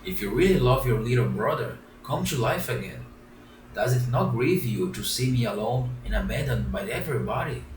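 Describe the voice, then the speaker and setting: A man's voice: medium pitch, animated, moderate pace, natural voice. A man voicing a despairing young wooden puppet boy, pleading in a raised, tearful voice. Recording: roomy, distant, faint background hiss.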